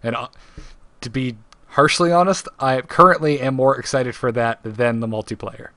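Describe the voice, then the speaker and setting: A man's voice: mid-range voice, steady tone, normal speed, bright, forceful tone, no echo. A man co-hosting a casual live podcast, running a trivia segment and reading quotes with playful emphasis.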